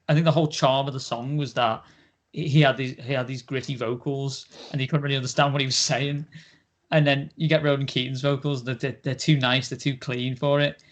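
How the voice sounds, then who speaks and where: Laughing young man, bit high. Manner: rambling, laughs often, many fillers. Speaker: podcast co-host. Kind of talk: casual chat.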